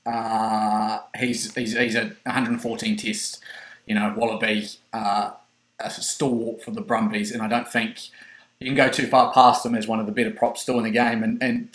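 A man with a New Zealand accent co-hosting a casual rugby podcast chat, relaxed and halting, with many ums and restarts. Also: fairly low pitch. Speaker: podcast co-host. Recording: echoey room.

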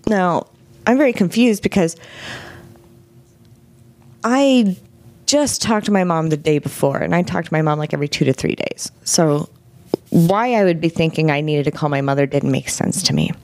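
A middle-aged woman speaks as a guest with a notably low, grounded voice. She talks frankly and with animation, slipping into quoted dialogue as she recounts what happened. The sound is close and dry, with no room around it. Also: normal speed, long pauses, a little mellow, no room sound. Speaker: interview guest. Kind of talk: candid personal storytelling.

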